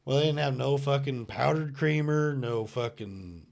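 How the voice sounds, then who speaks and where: A middle-aged man in casual podcast chat talks in a relaxed, halting way. His stories run slowly, with frequent swearing. His voice is of ordinary, middle pitch. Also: gravelly. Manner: laid-back, profane, halting. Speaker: podcast co-host, former truck driver.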